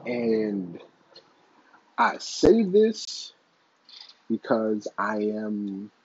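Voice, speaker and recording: A man's voice: on the low side, big pitch swings, very slow, slightly rough, lo-fi sound. A man giving blunt, profane, opinionated casual commentary.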